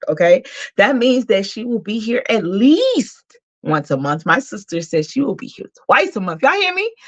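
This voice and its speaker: A woman's voice: lowish voice, highs cut off. A woman hosting a casual live stream, hyping up her guest and repeating her points for emphasis. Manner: hype, warm-up, repeats herself for emphasis. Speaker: host.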